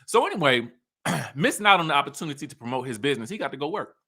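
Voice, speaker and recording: Lively Southern male recap host; high, bright voice, acts out lines. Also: rapid-fire, breathy edge. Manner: animated storytelling, acts out cast members' lines; laughs often. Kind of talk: casual chat.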